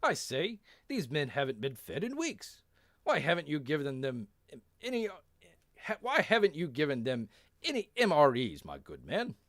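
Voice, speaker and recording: A pompous English army captain, put on by a storyteller with a clipped, haughty delivery. His pitch jumps high and animated. The recording is dry. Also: moderate pace, dry recording, full character voice. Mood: indignant.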